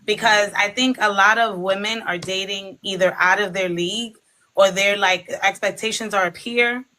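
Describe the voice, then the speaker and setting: A woman's voice: mid-range voice, steady tone, moderate pace, bright, forceful tone, poor audio. A woman in her thirties, a podcast guest, talking earnestly about dating, with many fillers. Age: 30s. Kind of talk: casual chat.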